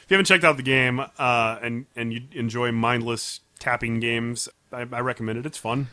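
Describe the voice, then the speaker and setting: A man's voice: mid-range voice, steady tone, moderate pace, bright, forceful tone, no echo. A man co-hosting a casual podcast, telling stories and laughing often. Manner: chatty storyteller, laughs often. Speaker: podcast co-host. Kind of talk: casual chat.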